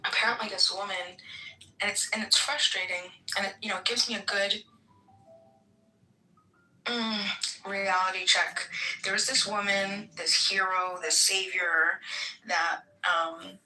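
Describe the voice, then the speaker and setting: A woman's voice: mid-range voice, bright, forceful tone, far from the mic. A woman chatting casually as a guest, rambling with fillers and restarts. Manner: rambling, many fillers and restarts, laughs often. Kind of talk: casual chat. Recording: echoey, off-mic.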